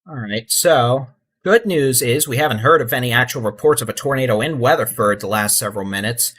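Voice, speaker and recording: A middle-aged man with a drawl talks through live storm radar, easygoing and folksy. His voice sits at an ordinary pitch, and he turns urgent when he tells people to take shelter. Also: fairly quick. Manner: relaxed, folksy, urgent warnings. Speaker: weather livestream host. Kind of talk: live severe weather commentary.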